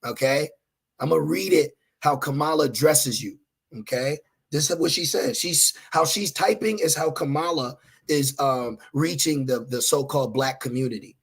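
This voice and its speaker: A man's voice: a little high, moderate pace, vocal fry, husky. A young adult man preaching a fiery sermon, confrontational and scornful as he reads scripture aloud. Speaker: street preacher.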